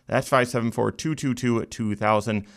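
A financial planner hosts a finance talk show, speaking in a lively, joking manner with animated emphasis. His voice is medium in pitch and his pace moderate.

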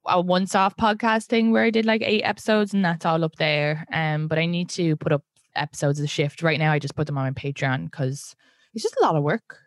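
A woman's voice: sits low, fairly quick, dry recording. A woman comedian chatting as a podcast guest, telling stories animatedly and acting out other people's lines with casual swearing. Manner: animated, acts out quotes with swearing. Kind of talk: casual podcast chat, storytelling.

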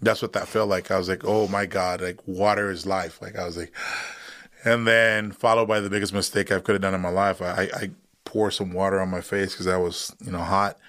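A man in his thirties, a veteran guest on a podcast, telling a long story in a casual, animated way and acting out what others said. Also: low-pitched, fairly quick. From United States. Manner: animated retelling, acts out quoted voices.

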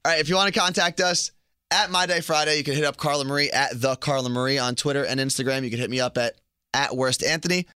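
A man's voice: mid-range voice, fairly even intonation, fast talker, sharp tone, clean tone, no room sound. A young American man co-hosting a radio show, chatting casually and joking. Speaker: radio co-host. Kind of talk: casual chat.

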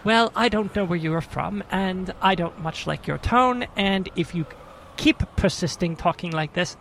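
A self-righteous prison guard who stammers through lectures and threats, as a man puts him on for a tabletop game. His voice sits high with a gravelly fry underneath, and faint noise hums behind it. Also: moderate pace, fairly bright tone, rough recording. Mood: threatening. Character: pompous stammering male prison guard, middle-aged. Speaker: game master. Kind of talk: in-character tabletop role-play.

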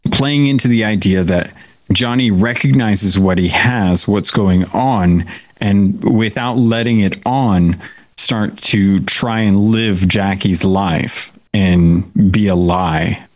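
A man in casual chat, speaking slowly and thoughtfully about a game. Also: fairly low pitch, no room sound.

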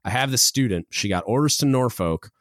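A male podcast host telling a story in a relaxed way, with fillers, dropping lower when he quotes others. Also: a little fast, dry recording, clean studio sound. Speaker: podcast host, Navy chief. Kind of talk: casual chat.

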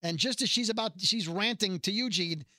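High bright-voiced man recapping casually. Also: moderate pace, no room sound, clean studio sound. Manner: rambling recap, acting out characters' lines. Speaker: podcast co-host recapping a TV episode. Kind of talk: casual chat.

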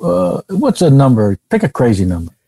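A man's voice: mid-range voice, wildly swooping pitch, normal speed, vocal fry, dark tone, husky, no room sound, full character voice. A man playing a smarmy, dismissive game-show host in an improv comedy scene. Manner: brushing people off, breezy.

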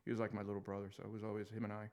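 A man in his fifties from Queens with a New York accent, the guest in a casual conversation, telling relaxed stories with frequent chuckles. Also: lowish voice, rapid-fire, gravelly.

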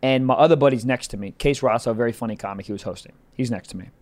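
A man, a comedian and podcast co-host, telling a story in casual chat, animated and cursing often. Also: medium pitch, racing. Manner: animated storyteller, swears a lot.

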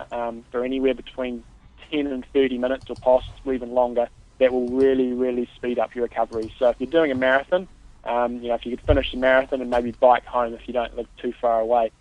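A man co-hosting a casual podcast as a triathlon coach, patiently giving steady, practical training advice. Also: mid-range voice, dry recording. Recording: tinny phone-like line, dry.

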